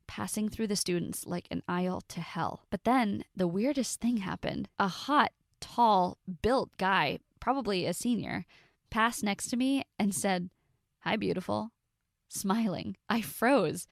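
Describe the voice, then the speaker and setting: Woman in her twenties, gravelly fry, first-person story narration, dry close sound. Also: mid-range voice, no echo.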